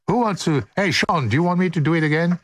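A man's voice: on the high side, quick pace, no room sound. A man hosting a radio music show, joking through outtakes and telling stories with lots of laughter. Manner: jokey, animated, laughing often. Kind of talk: playful outtakes and storytelling.

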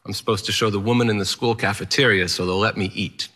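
A man's voice: on the low side, steady tone, fast talker, bright, forceful tone. A man telling a first-person story in a candid, wry, matter-of-fact way.

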